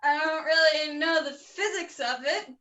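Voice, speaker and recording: Sulky princess played by a woman, slow, bright-toned, heard from across a roomy space. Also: sits high, highs cut off. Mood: brooding. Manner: sulky, deadpan. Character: gloomy brooding fairy-tale princess. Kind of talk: online improv comedy. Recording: roomy, distant mic.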